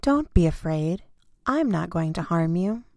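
A woman voicing a strong, beautiful island that speaks very gently and reassuringly. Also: lowish voice, animated, measured pace, no room sound, clean studio sound.

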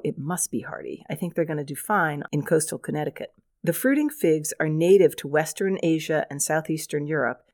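A woman's voice: low voice, no echo, clean studio sound. Chatty older woman hosting a gardening show. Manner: chatty, wry, enthusiastic. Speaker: radio gardening show host. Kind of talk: scripted radio segment.

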